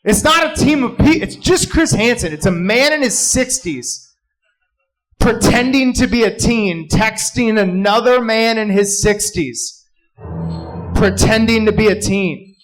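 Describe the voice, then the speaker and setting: High-voiced man doing stand-up. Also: unhurried, faint music behind, low-quality recording. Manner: rambling, jumps into shouted character voices. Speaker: stand-up comedian. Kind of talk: stand-up comedy set. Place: live comedy club.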